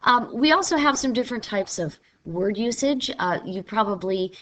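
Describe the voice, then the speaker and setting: A woman's voice: mid-range voice, normal speed, hardly any pauses, a bit bright. A woman from Missouri giving a conversational literature lecture, now and then playfully mimicking regional speech. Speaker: literature teacher. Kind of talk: recorded classroom lecture.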